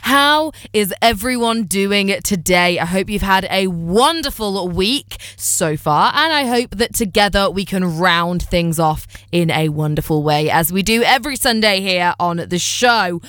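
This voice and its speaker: Upbeat lady radio host chatting away, smooth clear voice, dry studio sound. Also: medium pitch, animated, unhurried, few pauses, a bit bright, dry recording. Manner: chatty, upbeat, self-deprecating. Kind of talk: casual radio show hosting.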